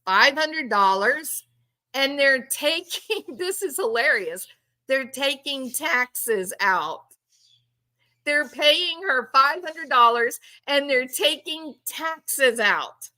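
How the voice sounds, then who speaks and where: A woman commentator talking through a case in a casual monologue, sarcastic and incredulous, leaning hard on her points. Her voice is bright and fairly high, and she speaks slowly, drawing out her words. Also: expressive. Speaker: true crime commentator.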